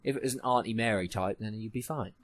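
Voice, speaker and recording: A man's voice: on the low side, quick pace. A man co-hosting a casual podcast, chiming in with jokes and short replies. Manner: joking interjections. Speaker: podcast co-host. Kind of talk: casual chat.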